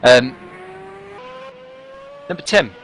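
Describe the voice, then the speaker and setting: A man's voice: mid-range voice, animated, drawn-out words, a bit bright. Playful quizmaster man on a noisy stream. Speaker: race commentator running a trivia quiz. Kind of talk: casual live broadcast commentary.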